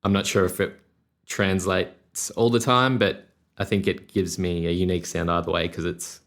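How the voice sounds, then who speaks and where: Deep-voiced Australian man, rambling. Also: moderate pace. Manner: rambling, relaxed, many fillers and restarts. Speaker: podcast host and musician. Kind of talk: casual solo podcast monologue.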